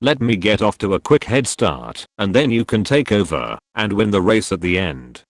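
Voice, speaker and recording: A sly old rooster from a spoken joke, humble and wheedling as he asks a favor, put on by a man. The voice sits low and swings through its pitch. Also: big pitch swings, normal speed, dry recording, clean studio sound. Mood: pleading.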